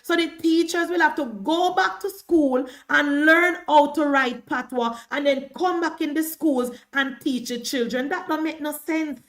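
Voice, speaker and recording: Emphatic Jamaican woman, high voice. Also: unhurried, few pauses, fairly bright tone. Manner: emphatic, repetitive, combative. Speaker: political commentator. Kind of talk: live-stream political commentary.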